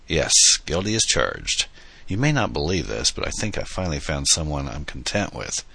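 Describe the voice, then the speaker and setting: A man's voice: a bass voice, very animated, normal speed, vocal fry, a bit bright, slightly rough, full character voice. A man doing a fond, fatherly older uncle. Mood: genial. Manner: genial, fatherly, teasing. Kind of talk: audiobook dialogue.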